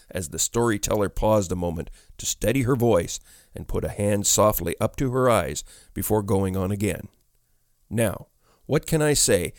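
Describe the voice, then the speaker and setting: A man narrating a classic ghost story audiobook in a measured, expressive way. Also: lowish voice, no room sound, studio quality.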